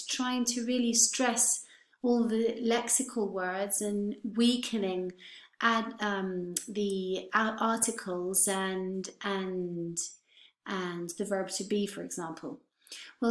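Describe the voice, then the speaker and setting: A woman teaching English pronunciation, careful and clear, repeating words for her students. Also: on the high side. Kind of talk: online lesson. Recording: roomy echo.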